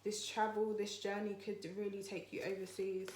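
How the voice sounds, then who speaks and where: A woman's voice: mid-range voice, level tone, moderate pace, a little mellow, a little hiss or hum. Chatty woman tarot reader, echoey room. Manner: chatty, rambling, reassuring. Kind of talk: spiritual tarot reading.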